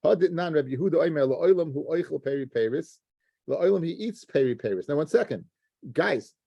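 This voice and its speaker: A man with a gravelly, dark voice teaches a daily Talmud lesson in a dry, close-sounding room. He works through the text step by step, stumbling and restarting words as he talks to his students. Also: a little high, animated, fairly quick, dry recording, muffled recording. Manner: explains step by step, restarts words, addresses listeners as guys.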